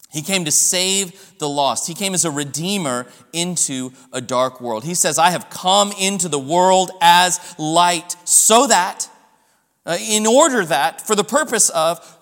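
A man's voice: high voice, a bit bright, big-room sound. A man preaching a sermon, emphatic, pressing his points with rising stresses. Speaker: pastor.

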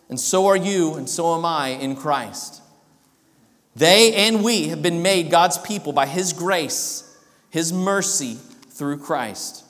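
A man's voice: sits high, a bit bright, long reverb tail. A man preaching a sermon as pastor, emphatic, often restarting his sentences.

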